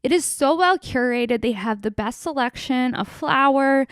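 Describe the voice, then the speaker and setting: A young woman riffs through a solo comedy podcast, playful and rambling and happy to swear. Her voice sits a little high and comes through smooth and clear. The recording is close and dry, with no room sound. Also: moderate pace, dry recording. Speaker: podcast host.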